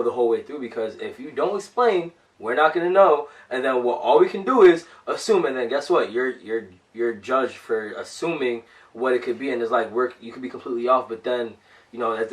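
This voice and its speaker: A man's voice: medium pitch, distant mic, rough recording. A young man co-hosting a casual podcast, talking in long, earnest, slangy rambles. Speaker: podcast co-host.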